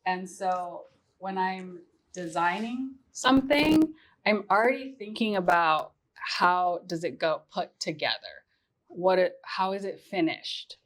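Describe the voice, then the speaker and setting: A woman's voice: fairly low pitch, animated, slow, fairly bright tone. A woman fashion designer talking through her process on a panel, thoughtful and practical, thinking aloud. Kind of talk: casual panel conversation.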